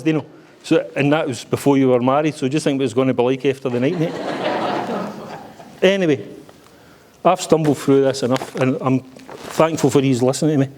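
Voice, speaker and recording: A man's voice: on the high side, noisy background. A middle-aged Scottish man giving a joking, blunt father-of-the-bride speech at a wedding reception, swearing freely.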